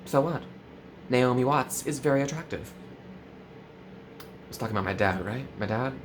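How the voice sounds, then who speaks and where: A man's voice: lively intonation, moderate pace, slight background noise. Mock-earnest man swooping up and down. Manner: mock-earnest, valley-girl fillers, swooping pitch. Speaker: comedy vlogger. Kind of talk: parody confessional vlog.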